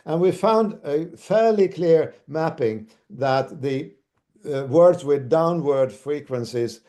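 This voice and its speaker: A man giving an academic lecture as a university lecturer, speaking haltingly with many restarts. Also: fairly high pitch, expressive, warm tone.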